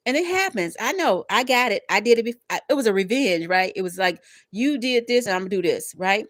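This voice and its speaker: A woman doing a live tarot reading, talking in slangy, animated bursts with lots of laughter. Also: mid-range voice, brisk, dry recording, studio quality. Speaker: tarot reader.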